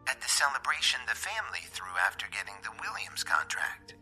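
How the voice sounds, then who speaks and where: A man voicing an eager young woman antique dealer, soft and whispery over a phone line. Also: mid-range voice, wildly swooping pitch, fairly quick, faint music behind, voice pushed up, full character voice. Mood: polite.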